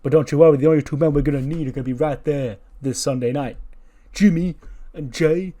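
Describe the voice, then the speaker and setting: A man's voice: on the high side, fairly quick, pitched above the performer's own voice, close to an everyday voice. A man doing a hyped tag team promo. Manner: boastful, building excitement. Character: hyped male wrestling tag team duo cutting a promo.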